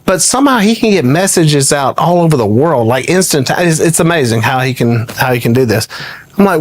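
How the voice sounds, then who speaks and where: A man spinning a comic story, his voice pitched a little high and swinging widely up and down. He laughs through his lines and talks like a guest in a relaxed interview. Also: a little fast. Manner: animated, laughs often while telling stories. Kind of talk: anecdotal storytelling in conversation.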